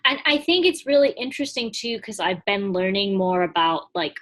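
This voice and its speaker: A woman chats as a podcast guest in a loose, casual way, sprinkling in "like" and short laughs. Now and then she acts out her own inner voice as she talks. Her voice sits at an ordinary middle pitch. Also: expressive, normal speed, fairly bright tone. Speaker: podcast guest, small business owner and coach. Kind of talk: casual conversational interview.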